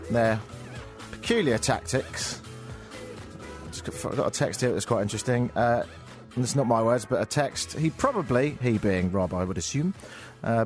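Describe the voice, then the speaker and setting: A man with an English accent hosting a talk radio show, riffing on the news in a sarcastic, joking way. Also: medium pitch. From England. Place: radio studio. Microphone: studio microphone.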